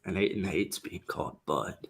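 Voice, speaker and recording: Laid-back man co-hosting sports talk. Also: sits low. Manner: halting, restarts, laid-back. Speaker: co-host of a basketball show.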